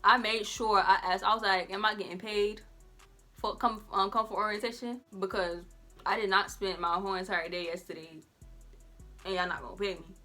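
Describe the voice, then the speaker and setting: Bright-voiced teen girl telling a story. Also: mid-range voice. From Georgia, US. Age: teenager. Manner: animated, conversational, Southern slang. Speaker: vlogger. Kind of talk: casual storytime.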